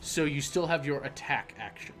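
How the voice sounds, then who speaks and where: A man's voice: fairly high pitch, moderate pace, fairly bright tone, soft background music. A man acting as game master, explaining rules and describing the scene with a playful, teasing manner. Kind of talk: narrating a tabletop game online.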